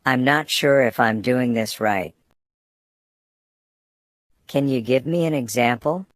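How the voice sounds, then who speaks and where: A man's voice: medium pitch, slow pace, dry recording. Man reading student phrases, dry and close. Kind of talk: scripted phrase reading for learners.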